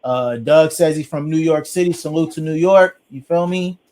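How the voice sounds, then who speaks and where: California podcast host, slightly high voice, upbeat and affirming moderator. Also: male voice, normal speed, dark tone. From Long Beach, California. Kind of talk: live podcast hosting.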